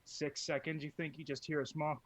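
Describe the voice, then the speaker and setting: A man's voice: a little high, dry recording. A man playing a tabletop game, describing his actions in a playful, jokey way. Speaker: player. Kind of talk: casual tabletop game play.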